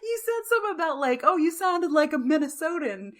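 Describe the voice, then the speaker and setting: A Texan woman chats with her co-host on a podcast, her voice sitting a little high. She is brash and unfiltered, swearing easily and laughing often. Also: lively intonation, fairly quick. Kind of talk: casual chat.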